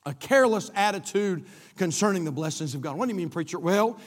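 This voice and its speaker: Pastor guy preaching hard, high voice, big echoey church sound. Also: expressive, quick pace. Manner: emphatic, repetitive preaching with rising and falling delivery. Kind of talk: sermon. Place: church sanctuary, live-streamed.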